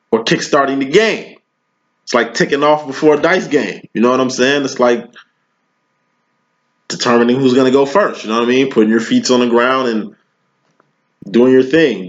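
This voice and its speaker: A man giving a casual tarot reading, talking in slang and preaching, always checking in with "you know what I'm saying". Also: mid-range voice. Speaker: tarot reader. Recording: dull lo-fi recording.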